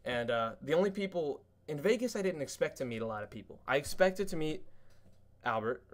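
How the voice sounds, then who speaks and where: A man on a podcast telling excited stories with lots of cursing and fillers, acting out quotes in a much higher voice. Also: brisk. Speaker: podcast guest. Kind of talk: casual podcast chat.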